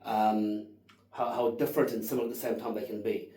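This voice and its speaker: A man in his thirties tastes whisky and rambles through his notes, swearing freely and gushing about flavors. His voice is warm and mellow, and it sounds a little distant in a roomy, echoey space. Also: fairly low pitch, little pitch movement, brisk. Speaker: whisky reviewer. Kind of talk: casual tasting vlog.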